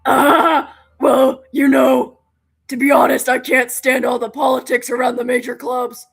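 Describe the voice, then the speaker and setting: A woman's voice: high-pitched, little pitch movement, unhurried, vocal fry, husky, heavily acted. A woman voicing a confident, friendly teenage club president as she reads a visual novel aloud, upbeat, encouraging and talkative.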